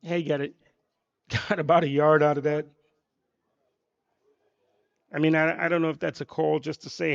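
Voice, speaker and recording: Gravelly, rambling color commentator man. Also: fairly high pitch, flat delivery, normal speed, long pauses, no echo, lo-fi sound. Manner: rambling, many "you know" fillers. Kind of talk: live game commentary.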